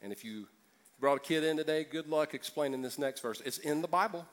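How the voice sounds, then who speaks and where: A man's voice: fairly high pitch, brisk. A man preaching a sermon as pastor, joking and acting out voices from the congregation.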